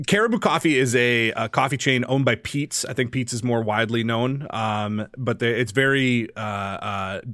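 A man's voice: medium pitch, moderate pace, hardly any pauses, a bit bright, no echo, studio quality. A man co-hosting a podcast, chatting casually in a laid-back way and laughing easily. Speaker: podcast co-host. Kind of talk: casual chat.

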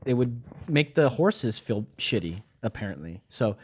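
In a casual podcast chat, a quiz host jokes around and curses as he gives long explanations of the answers to his friends. His medium-pitched voice is sing-song and slightly breathy, and he keeps a measured pace.

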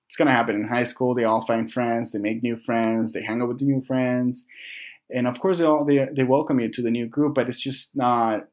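Halting, reflective young man. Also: medium pitch, steady tone, darkish tone. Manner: halting and reflective, many restarts and fillers; swears casually. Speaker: vlogger. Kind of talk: candid personal storytelling to camera.

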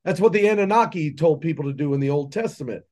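An entrepreneur and mentor who has children speaks as a podcast guest, laying out his beliefs in an impassioned, preachy monologue. His voice is on the high side, fast and mellow, and he fires off rhetorical questions.

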